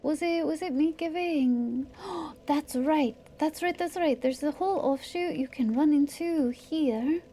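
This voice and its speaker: A woman with a high voice and a mellow, relaxed tone talks her way through a game on a live stream. She thinks aloud and wanders from point to point, sometimes sinking into soft, half-whispered asides. A faint hum sits behind her. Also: measured pace, hardly any pauses. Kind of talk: casual gameplay commentary.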